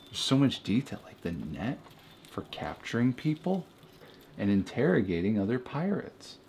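A man's voice: mid-range voice, big pitch swings, normal speed, vocal fry, darkish tone, slight background noise. A young man doing a mock-serious comedy review at home, rambling into asides and apologizing for them. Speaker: comedy vlogger. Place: home beside a Christmas tree. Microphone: camera held by a friend.

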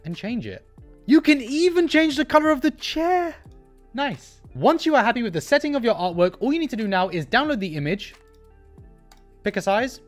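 A woman hosting an art channel, talking in an upbeat, enthusiastic and jokey way through a casual vlog and sponsor read. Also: a little high.

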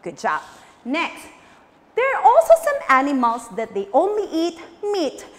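A woman's voice: sits high, huge pitch swings, unhurried, in a large hall. A woman teacher giving an e-learning lesson to young children, drilling words through repetition and coaxing prompts.

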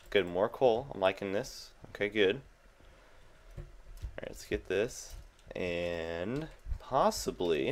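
A man's voice: low-pitched, creaky. A young man hosting a gaming video, chatting casually and reacting jumpily to the game, with keyboard clicks behind him. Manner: chatty, self-amused, jumpy reactions. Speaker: gaming channel host.

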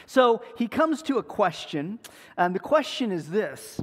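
High-voiced male preacher in echoey church. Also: unhurried. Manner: storytelling, playful and animated. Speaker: pastor. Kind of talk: sermon. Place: church sanctuary.

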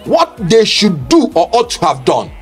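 A man's voice: high voice, wildly swooping pitch, normal speed, soft background music. Emphatic man lecturing on law. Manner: emphatic, argumentative, lecturing with rhetorical questions. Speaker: legal commentator. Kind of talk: public speech on law.

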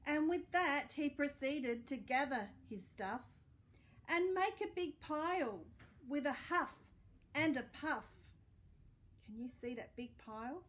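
A woman librarian reading a picture book aloud to children, expressive and asking questions as she goes. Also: high voice, slow pace. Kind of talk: storytime read-aloud for children.

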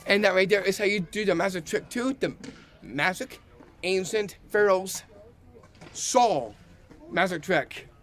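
High-voiced man teaching a magic trick. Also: a little slow, long pauses, fairly bright tone. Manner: eager, repeats "like this" while demonstrating. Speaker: magic trick tutorial host. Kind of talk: casual demonstration tutorial.

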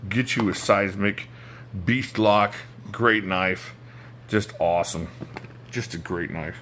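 A man's voice: lowish voice, a little slow, pushed and bright. A man casually showing his knife collection on camera, enthusiastic and jokey, chatting to himself as he handles each knife indoors at home. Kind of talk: casual show-and-tell talk to camera.

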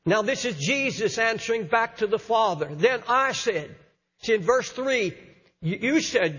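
A man's voice: sits high, expressive, moderate pace, bright, forceful tone, breathy edge. Older male pastor, impassioned sermon, muffled lo-fi tape. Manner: impassioned, repeats words as he preaches. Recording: lo-fi sermon recording in a hall.

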